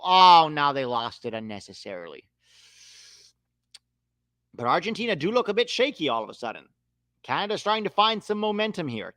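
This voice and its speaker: A young man calls the match live for his watch-along audience, swearing at the referee when riled. His voice runs a little high and swoops all over, with a bright, sharp edge. The recording is close and dry. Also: big pitch swings, fairly quick, no room sound.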